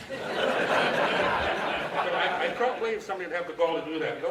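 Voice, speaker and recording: A middle-aged male fishing guide tells stories casually to a club audience in a meeting hall, folksy and animated, acting out quoted dialogue. He talks fast and pauses often. The recording is echoey and boomy, with a distant mic and heavy background noise.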